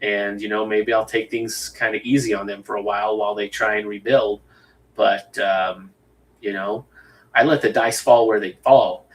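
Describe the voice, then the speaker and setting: A man's voice: on the low side, distant mic, poor audio. A man, a YouTube host and game master, talking casually to viewers in a rambling, laid-back, self-deprecating way.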